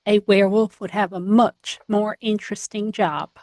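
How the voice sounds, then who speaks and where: A woman's voice: medium pitch, fairly even intonation, moderate pace, a little mellow, dry recording. A woman playing an improv comedy game over a video call, joking in a dry, matter-of-fact way. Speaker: improv player.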